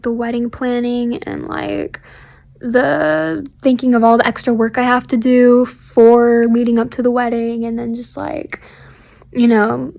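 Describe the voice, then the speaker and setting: A young woman who works at a church talks to her sister in a personal video diary, heartfelt and rambling, with lots of "like" and "um", often dropping close to a whisper. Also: fairly high pitch. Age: young adult. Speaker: church staff member recording a video diary. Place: at home on a couch.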